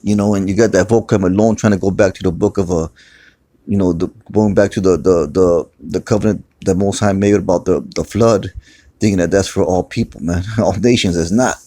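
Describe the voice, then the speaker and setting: A man's voice: low-pitched, fairly even intonation, brisk, mellow. A man teaching scripture in a loose, conversational way, repeating words and often saying "man". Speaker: preacher. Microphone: phone screen recording.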